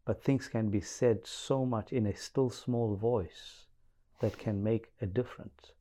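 A man co-hosting a Bible-study chat, measured and pausing with hesitant fillers. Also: fairly low pitch, steady tone, warm tone. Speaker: co-host.

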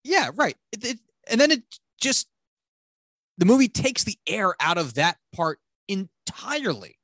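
Animated, rambling man reviewing a movie. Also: high-pitched, a little slow, no room sound. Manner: rambling, profane, animated retelling. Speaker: podcast co-host. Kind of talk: casual movie review chat.

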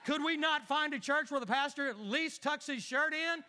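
Grumbling, indignant family dad, high and piercing, a preacher putting him on. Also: male voice, a little fast, bright, forceful tone, clear, resonant tone, in a large hall. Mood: griping. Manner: whiny, exasperated ranting. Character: grumpy middle-aged father, whining and complaining. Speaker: one-man skit in a sermon.

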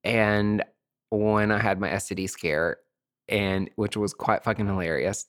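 A man's voice: on the low side, steady tone, unhurried, a bit bright. A man hosting a podcast, telling a personal story in a campy, chatty and profane way. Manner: campy, chatty, profane, calls listeners sweetie. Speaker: podcast host. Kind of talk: casual storytelling monologue.

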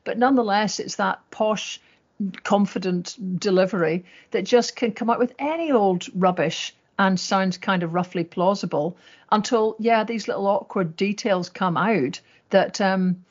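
A woman's voice: medium pitch, measured pace. A woman co-hosting a political podcast in a mid-range voice. She talks in a chatty, wry way with lots of fillers, and the recording sounds dull and lo-fi. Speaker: podcast co-host. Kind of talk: political discussion.

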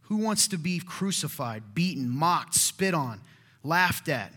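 A male pastor preaching a sermon in a conversational, animated way, sometimes dropping to a hushed voice. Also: a little high, slow pace, husky. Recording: long hall reverb.

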